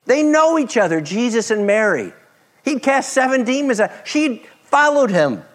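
A man preaching a sermon, expressive, moving between loud emphasis and soft, hushed passages. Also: sits high, unhurried. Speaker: pastor.

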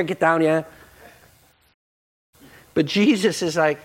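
Pastor preaching a casual, animated sermon with a very lively voice. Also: male voice, mid-range voice, a little slow, long pauses. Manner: animated, conversational, jokey.

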